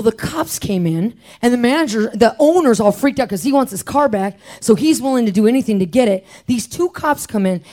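A woman preaching in casual, slangy speech, telling a personal story and acting out the voices of the people in it. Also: on the high side. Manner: animated, acts out quoted voices. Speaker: speaker. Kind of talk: storytelling sermon.

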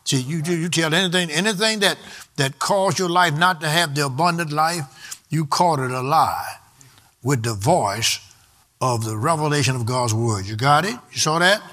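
Casting: male preacher, high bright voice, emphatic, call-and-response delivery. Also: moderate pace. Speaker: pastor. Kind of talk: sermon.

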